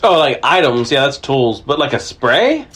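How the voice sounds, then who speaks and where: Lively, bright-voiced joking man. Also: mid-range voice, normal speed. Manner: playful, riffing on jokes, laughs often. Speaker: podcast co-host. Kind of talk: casual chat.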